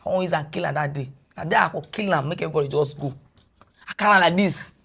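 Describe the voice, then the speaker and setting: A Nigerian woman with a husky, breathy voice recounts her experience as a podcast guest. She sits a little low in pitch and tells it with animated energy, sliding between English and Pidgin as she goes. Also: fast talker. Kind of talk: personal storytelling in a podcast interview.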